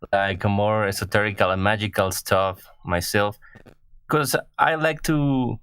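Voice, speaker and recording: A man from Mexico with a Mexican Spanish accent, calling in to a show and speaking slowly and haltingly as he searches for words. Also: mid-range voice, fairly bright tone, smooth, no echo. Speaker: caller. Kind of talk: casual call-in chat.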